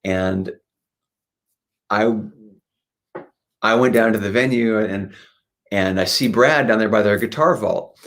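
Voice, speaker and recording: Low-voiced man telling rambling stories. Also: slow pace, pauses often. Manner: rambling, with frequent restarts and fillers; lively when retelling anecdotes. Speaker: guest musician, singer and guitarist. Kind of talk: casual interview storytelling.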